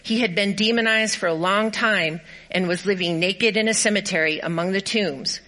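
A woman pastor gives an upbeat, encouraging sermon, cheerfully directing volunteers through a skit and reading scripture aloud. Her medium-pitched voice is bright and forceful, and she keeps a moderate pace. The recording is rough.

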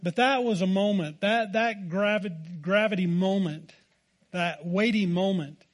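A man's voice: high voice, measured pace. A man with an American accent preaching a sermon, telling a folksy, self-deprecating story. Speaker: pastor.

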